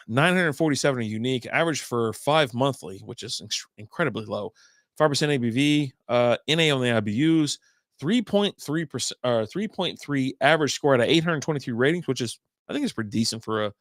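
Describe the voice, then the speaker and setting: A middle-aged man hosts a casual beer livestream from home. He rambles and swears freely at an ordinary pitch. His voice sits close and dry on the mic. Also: a bit bright, no room sound. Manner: rambling, profane, chatty. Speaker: beer podcast host.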